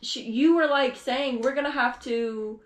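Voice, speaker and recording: A woman's voice: high voice, unhurried, roomy sound. A woman co-hosting a casual chat, jumping in with her own comments on a shared trip story. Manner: chatty, jumps in, adds comments. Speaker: podcast co-host.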